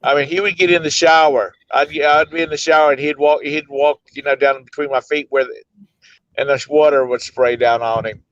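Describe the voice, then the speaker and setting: A man's voice: on the high side, steady tone, no echo. Easygoing man on a dull video call. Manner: easygoing storyteller, rambles with "uh" pauses. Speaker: co-host of a daily live show. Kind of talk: casual chat.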